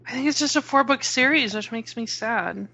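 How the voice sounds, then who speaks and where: Brief: woman co-host, bright and slightly high, wry and exasperated. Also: normal speed, creaky, muffled recording. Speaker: podcast co-host. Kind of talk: casual chat.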